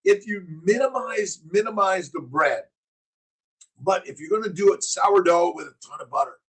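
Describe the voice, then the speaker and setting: A middle-aged physician hosting a casual morning livestream, preaching in punchy slogans and answering chat comments. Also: male voice, high-pitched, normal speed, a bit bright, slightly rough, poor audio.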